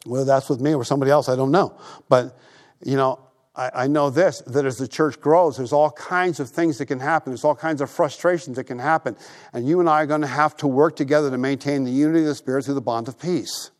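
A male pastor preaching a sermon in a church, telling stories in a lively, conversational way and repeating his phrases. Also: mid-range voice, quick pace.

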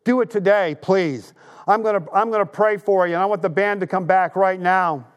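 Older pastor guy preaching, kinda high voice, emphatic and earnest. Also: fairly even intonation, brisk, clean tone, dull audio. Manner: emphatic storytelling with earnest appeals. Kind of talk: sermon.

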